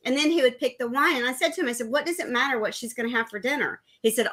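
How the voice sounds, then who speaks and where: A woman with a bright, crisp voice chats casually at a tasting table. She rambles happily into anecdotes and keeps the talk moving. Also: fairly high pitch, very fast, few pauses. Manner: chatty storyteller. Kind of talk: casual chat.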